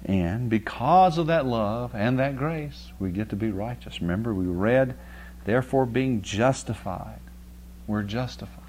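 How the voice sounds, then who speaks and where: In this sermon, a pastor shares a down-home story, his emphasis rising as he goes and his listeners regularly asked "right?" His pitch is medium and his tone darkish, with slight background noise behind him.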